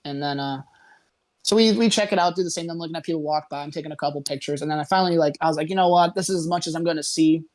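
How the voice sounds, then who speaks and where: A young man from the United States tells a travel story as a podcast guest. His voice sits slightly high and he keeps it relaxed and chatty. He acts out the people he quotes. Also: rapid-fire.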